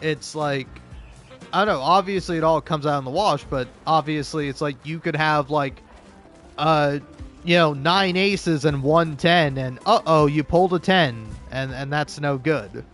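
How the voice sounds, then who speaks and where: A man's voice: fairly high pitch, a little slow, fairly bright tone. Man, casual let's-play commentator, jokey and profane, light game music in the background. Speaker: gaming YouTuber.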